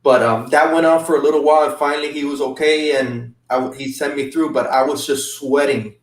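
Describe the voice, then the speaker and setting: A man as a guest, recounting an emotional trip in halting casual talk with many restarts. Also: a little high, fairly even intonation. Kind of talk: casual storytelling. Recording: roomy sound from a distant mic.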